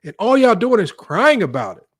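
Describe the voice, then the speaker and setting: A man's voice: high voice, big pitch swings, normal speed, breathy edge. A man hosting a sports debate live stream, ranting in an exasperated, heated way to his viewers.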